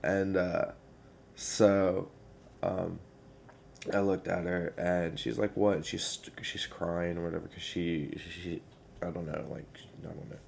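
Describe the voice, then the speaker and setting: A young man, telling a personal story in a casual vlog, hesitant and halting with many fillers. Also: deep voice, flat delivery, creaky, a little mellow, a little hiss or hum. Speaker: vlogger.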